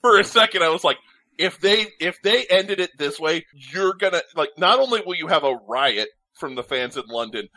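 Man, podcast co-host, excitable, bright voice, very lively pitch. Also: moderate pace, no room sound, poor audio. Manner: excitable, exasperated opinions. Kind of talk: casual wrestling chat.

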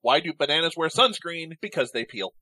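A man telling corny jokes in casual banter, playful and quick to swear. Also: fairly high pitch, animated, very noisy.

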